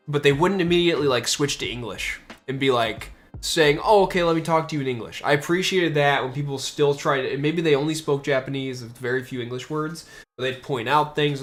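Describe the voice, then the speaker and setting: A man from the United States talks casually while streaming, his voice sitting at an ordinary middle pitch. He rambles, with plenty of fillers and restarts. Faint music plays quietly underneath. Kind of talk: casual chat.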